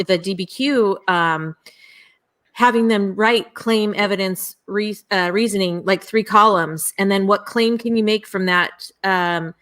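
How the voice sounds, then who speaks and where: Brief: woman educator, halting, musing delivery. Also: mid-range voice, fairly bright tone. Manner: thinking aloud, hesitant with fillers. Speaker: teacher. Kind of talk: casual chat.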